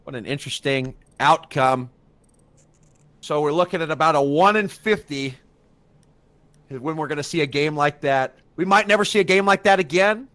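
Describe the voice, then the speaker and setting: A man with a high voice calls live esports play-by-play. His commentary builds with dramatic tension toward big moments. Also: moderate pace, no echo. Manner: rising excitement, dramatic build-ups. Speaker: esports caster.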